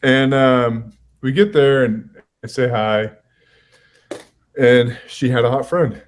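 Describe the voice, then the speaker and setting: A man's voice: medium pitch, fairly even intonation, takes it slowly. A man, a podcast guest, chatting casually, filling in details and laughing along. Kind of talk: casual chat.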